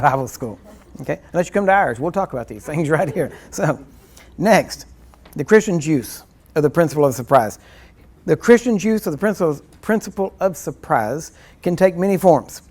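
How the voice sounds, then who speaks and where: A man with a fairly high-pitched, darkish voice teaches a ministry class as an informal teaching sermon. He rambles loosely and conversationally, acting out little scenes and chuckling along the way.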